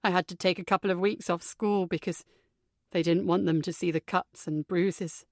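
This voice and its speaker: A woman voicing a troubled young man who speaks quietly, flatly and bitterly. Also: lowish voice, normal speed, dry recording, studio quality, pitched below the performer's own voice, close to an everyday voice.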